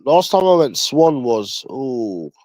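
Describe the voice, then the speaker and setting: A man's voice: mid-range voice, very animated, takes it slowly, darkish tone, no echo. Crude, swearing London man, dry sound. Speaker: livestreamer. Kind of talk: rambling casual livestream chat.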